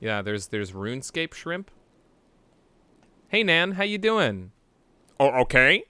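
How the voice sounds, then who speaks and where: Goofy bright-voiced male streamer. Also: medium pitch, sing-song, slow pace, clear, resonant tone, no room sound. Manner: playful and goofy, with sudden loud shouts. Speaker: game streamer. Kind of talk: casual live-stream chat.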